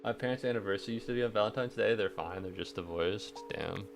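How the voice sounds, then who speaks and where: A man streaming casually, sarcastic and swearing often, swinging from mock-angry rants to quiet deadpan asides, sounding tired and stressed. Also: lowish voice, fast talker, creaky, background noise. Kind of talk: casual live-stream chat.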